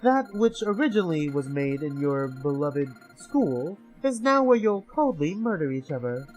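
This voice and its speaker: A sneering death-game mastermind, as a man puts him on, who mocks the players in a theatrical announcer's tone. The pitch leaps up and down as he gloats over them in this visual novel game. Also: very animated, moderate pace, darkish tone, lo-fi sound, faint music behind. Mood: taunting. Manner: taunting, theatrical announcer's delivery.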